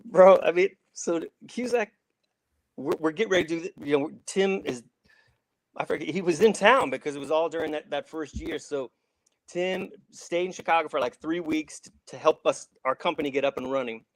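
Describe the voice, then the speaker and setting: Brief: middle-aged man, lively rambling raconteur, slightly high voice, dry close sound. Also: normal speed, dry recording, poor audio. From Saint Louis. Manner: animated, rambling with restarts, acts out quotes. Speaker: actor guest. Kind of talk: casual storytelling.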